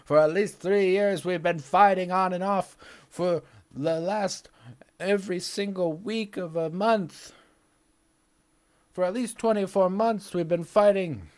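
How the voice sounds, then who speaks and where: A man telling a story to his viewers in a casual, animated rant, profane, rambling and repetitive. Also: high voice, a little slow. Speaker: vlogger.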